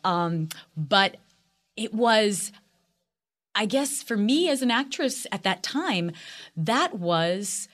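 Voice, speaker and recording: Chatty Long Island actress, middle-aged. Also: female voice, medium pitch, slow pace. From Long Island, New York. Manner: chatty, animated storyteller with frequent fillers. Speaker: actress guest. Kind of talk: casual podcast interview.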